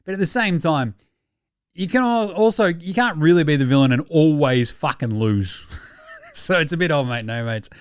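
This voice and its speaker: A young Australian man talking sport in loose, sweary banter, breaking into laughs. His voice sits a touch high for a man. The sound is dry and close, with no room around it. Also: lively intonation, moderate pace, smooth, no room sound. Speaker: podcast host. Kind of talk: casual sports commentary.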